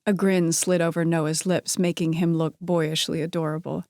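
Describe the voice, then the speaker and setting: A woman narrating a romance novel in an even, measured reading voice on a close studio mic. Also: sits low, no echo. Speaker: audiobook narrator. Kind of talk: scripted narration.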